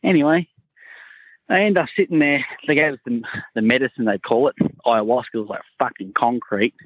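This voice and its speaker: A man's voice: medium pitch, fairly quick, dry recording, phone-quality sound. An Australian man telling a crude, rambling anecdote in a recorded voice message. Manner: crude, laid-back yarn-spinning. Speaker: caller sending in a voice message.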